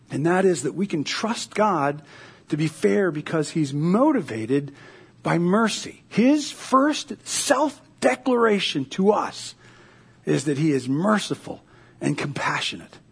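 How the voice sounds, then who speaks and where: A man's voice: high voice, breathy edge. A male pastor giving a casual, conversational sermon, retelling scripture as a story with fillers and playful asides.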